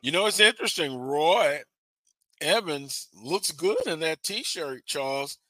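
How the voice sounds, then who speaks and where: Slow-talking high-voiced sports radio host. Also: male voice, animated, sharp tone.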